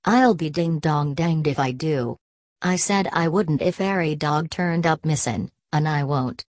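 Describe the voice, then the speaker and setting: A woman's voice: low voice, measured pace, a little mellow, no room sound, studio quality. A woman reading a gloomy, stubborn trapper man. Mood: grumbling. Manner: backwoods dialect, grumbling.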